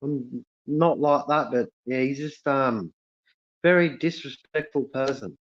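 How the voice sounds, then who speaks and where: A man with an Australian accent hosting a casual live stream, reading chat comments aloud and talking in a halting way with lots of fillers and restarts. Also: medium pitch. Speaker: livestream host reading chat. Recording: lo-fi dull sound.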